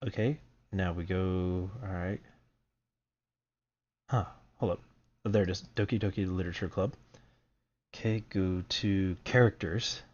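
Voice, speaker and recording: A man's voice: deep voice, fairly even intonation, a little slow, long pauses, a little mellow. A man streaming a horror game, nervously muttering to himself as he clicks through files. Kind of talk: let's play commentary. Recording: dull lo-fi stream audio.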